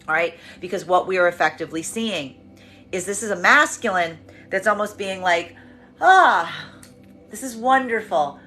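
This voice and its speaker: A woman giving a tarot reading in an expressive monologue, acting out the voices she quotes. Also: on the low side, moderate pace, soft background music. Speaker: tarot reader.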